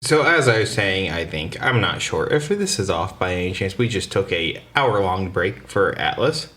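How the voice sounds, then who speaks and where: An easygoing man hosts a casual podcast chat and rambles through his notes with stumbles and restarts. His voice is a little low. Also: expressive, normal speed, a bit bright. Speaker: podcast host.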